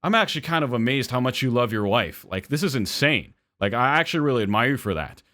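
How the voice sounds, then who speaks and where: Give me a relaxed, talkative burglar, as a man voices him. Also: medium pitch, fast talker. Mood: casual. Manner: casual, dismissive. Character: casual male burglar, oddly admiring.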